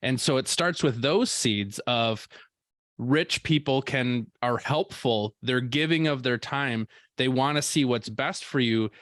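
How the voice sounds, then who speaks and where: Male podcast host, mid-pitched, agreeable, dry close sound. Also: unhurried, fairly bright tone, dry recording. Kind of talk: casual interview chat.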